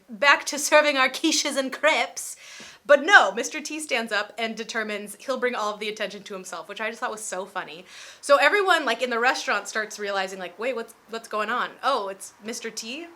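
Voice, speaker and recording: A young woman in her twenties telling a storytime vlog in a chatty, animated way, with lots of "like". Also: a little high. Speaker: vlogger.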